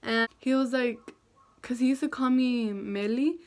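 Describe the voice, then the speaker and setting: A young adult woman vlogger with a somewhat high voice talks to camera a little slowly in a casual storytime video. She's chatty and self-deprecating, using lots of fillers.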